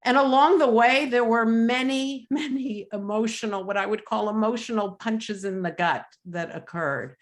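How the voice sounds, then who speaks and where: A middle-aged woman speaking on a webinar video call, telling a personal family testimony in a measured, reflective way with pauses and fillers. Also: fairly high pitch.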